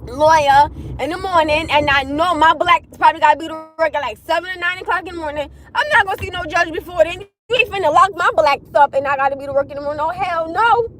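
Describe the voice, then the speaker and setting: A woman telling a story to her live viewers in a casual rant, animated and exasperated, laughing often. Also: very high voice, fast talker, hardly any pauses. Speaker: livestream host.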